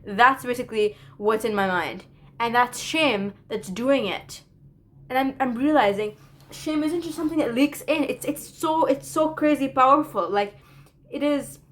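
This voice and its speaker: An earnest young woman in her early twenties talking through her feelings in a confessional vlog. She sounds reflective and self-deprecating, with a slightly high voice. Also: animated, normal speed, a bit bright. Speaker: college student vlogger.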